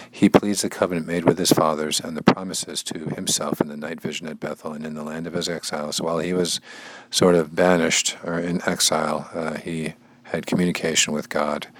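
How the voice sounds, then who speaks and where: A man with a very deep voice reads a devotional text aloud and stops to explain it in casual words. He repeats key lines and sometimes slips into a near-whisper. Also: slight background noise, poor audio. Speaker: bible study teacher and language learner.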